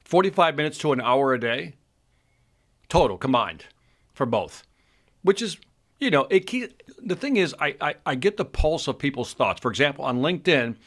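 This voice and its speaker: A man's voice: fairly high pitch, big pitch swings, moderate pace, pauses often, fairly bright tone. Eager man talking shop. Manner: enthusiastic, repeats his words, reads out statistics. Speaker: co-host. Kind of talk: casual chat.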